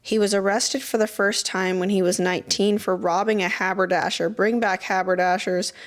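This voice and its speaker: A young woman reads her research aloud as a show host, then breaks into crude jokes and laughter. Her voice sits at a middle pitch, and her delivery is loose and chatty. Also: little pitch movement, normal speed. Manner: swearing, joking asides, frequent laughter. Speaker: podcast host. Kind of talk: casual deep-dive commentary, reading aloud.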